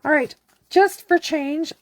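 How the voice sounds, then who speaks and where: A woman from Canada giving a relaxed, chatty card-making tutorial, talking as she works. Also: high-pitched, slow pace, dry recording. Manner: chatty, relaxed, talks while working. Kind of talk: casual craft tutorial.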